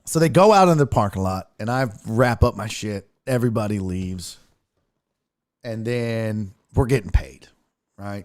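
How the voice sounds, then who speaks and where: A man's voice: on the low side, normal speed, a little mellow, no room sound, clean studio sound. A man hosting a sports podcast, telling a story in a casual, profane, mock-outraged way. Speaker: comedian and sports podcast host.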